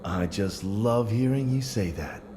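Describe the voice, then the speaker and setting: A wry adventurer. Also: male voice, fairly low pitch, expressive, measured pace, noisy background. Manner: dry, witty remarks. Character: wry, sardonic male adventurer. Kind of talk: video game voice acting. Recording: game music behind the voice.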